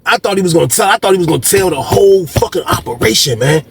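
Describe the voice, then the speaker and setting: A man's voice: high-pitched, animated, quick pace, vocal fry, fairly bright tone, breathy edge, no echo. A man hosting a storytelling video, talking casually and profanely, acting out quoted voices and repeating "man" a lot. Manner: profane, repetitive, keeps saying "man".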